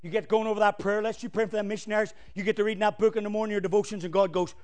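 A male pastor preaching a fiery sermon, swinging from loud cries to hushed asides. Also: high-pitched, fairly even intonation, rapid-fire.

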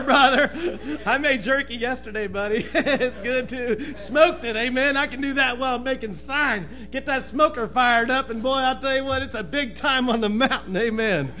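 Male preacher, very high bright voice, folksy joker who keeps saying amen. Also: unhurried, faint music behind. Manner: folksy, says "amen" and "brother" often, laughs at own jokes. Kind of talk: joking sermon opening.

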